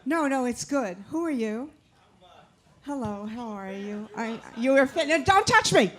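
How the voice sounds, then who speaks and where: A woman's voice: a little high, lively intonation, unhurried, fairly bright tone, a faint crowd. A female comedian arriving on a cabaret stage, chatting with scattered questions to the audience. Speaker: comedian guest. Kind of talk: stage banter. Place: small cabaret club stage.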